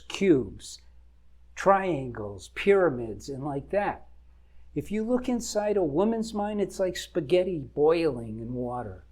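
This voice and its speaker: A man's voice: a little high, a little mellow. An older man, a marriage coach, giving earnest advice straight to camera and stressing his points with long lists.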